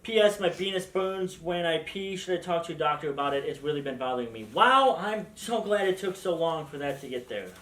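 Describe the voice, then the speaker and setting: Deadpan man, fairly high voice. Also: brisk, hardly any pauses. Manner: deadpan delivery of absurd news. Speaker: news host. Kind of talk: comic news reading. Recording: roomy echo.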